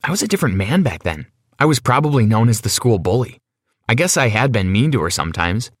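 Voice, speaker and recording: A man's voice: lowish voice, sing-song, fast talker, no echo, clean studio sound. A young man narrating a first-person story in a dramatic, self-questioning way.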